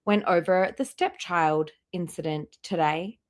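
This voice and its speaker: A woman with a slightly low voice hosts a live reaction stream. She is blunt and profane, and her mockery never lets up. She talks in an unscripted, casual way. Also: measured pace, pauses often. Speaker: livestream host reacting to clips.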